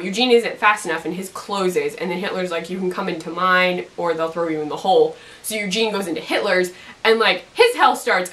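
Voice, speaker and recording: A woman's voice: medium pitch, bright, forceful tone, recorded from a distance. A young woman recapping a TV episode in a goofy, rambling way, acting out characters' lines in silly voices. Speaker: TV recap vlogger.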